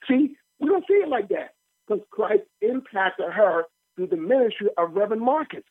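A man, a pastor, preaching in a lively informal way, joking and asking the listeners questions. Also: high-pitched, moderate pace. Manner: animated, joking, asks the listeners rhetorical questions. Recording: tinny phone-line audio, dry.

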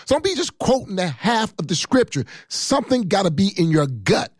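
A man's voice: high-pitched, sing-song, brisk, hardly any pauses. A man. The sound is dry and close, with no room echo. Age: 50s. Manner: fiery, emphatic preaching with repetition. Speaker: pastor. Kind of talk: sermon.

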